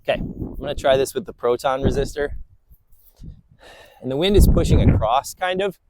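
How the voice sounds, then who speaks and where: A man's voice: medium pitch, moderate pace. A man casually explaining each hole of a disc golf course as he plays, talking outdoors in a hilly park and a bit out of breath. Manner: relaxed, explanatory, talking to himself between throws. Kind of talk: casual course walkthrough commentary. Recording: faint wind noise outdoors.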